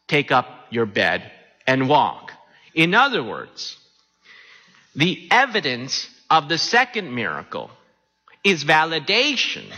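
A man preaching a sermon, animated and often asking his listeners questions. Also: mid-range voice. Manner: animated, asks the congregation questions. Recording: long hall reverb.

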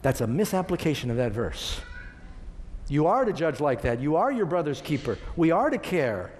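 A man's voice: fairly high pitch, very animated, normal speed, a little mellow, slight background noise. A man preaching a sermon, emphatic and putting questions to his congregation. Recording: long reverb of a large hall.

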